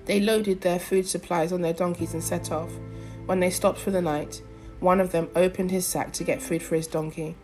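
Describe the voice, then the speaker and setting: A young adult woman preaching, praying earnestly with pauses and reading scripture aloud. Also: on the low side, steady tone, a little mellow, faint music behind. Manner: earnest, fervent prayer with pauses and fillers.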